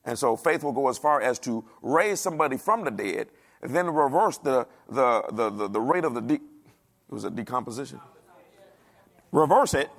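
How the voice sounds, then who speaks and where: A man preaching a sermon in a dialect, animated, asking the congregation questions and acting out the voices of the people he quotes. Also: mid-range voice, fairly quick, creaky. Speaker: pastor.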